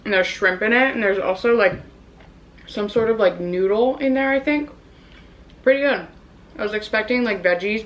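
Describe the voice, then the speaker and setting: A woman's voice: medium pitch, a little hiss or hum, low-quality recording. A young woman vlogger in a casual mukbang, chatting and rambling while she eats, in her apartment. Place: apartment room in New York.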